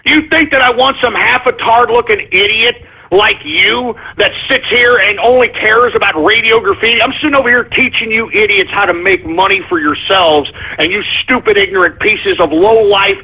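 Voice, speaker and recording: Husky, high-voiced man ranting on a tinny line. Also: normal speed. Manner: profane, scornful ranting. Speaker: internet radio show host. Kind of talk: angry call-in radio rant.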